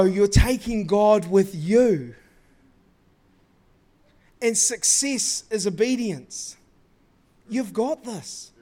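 Kiwi guy preaching, high voice, chatty and slangy, acts out little stories. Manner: lively storytelling, acting out quoted dialogue; casual, slangy talk to the congregation. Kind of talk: sermon.

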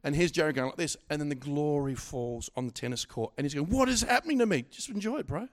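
Middle-aged male preacher, high-pitched, animated sermon delivery with stammered restarts. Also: fairly quick. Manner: animated, swings from loud exhortation to quiet asides, stammering restarts.

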